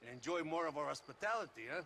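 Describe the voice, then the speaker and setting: A smug army officer in a western video game. He talks, in a high, bright voice, and laughs and mocks his way through every line. Faint hiss sits under the game audio. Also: animated, fast talker. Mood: gloating. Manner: laughing, mocking, theatrical. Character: leering, boastful male Mexican army officer.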